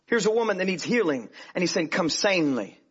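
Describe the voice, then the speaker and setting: A man preaching a sermon in an animated way, swinging from hushed to loud. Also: high voice, fast, slightly rough. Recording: dull lo-fi sermon recording.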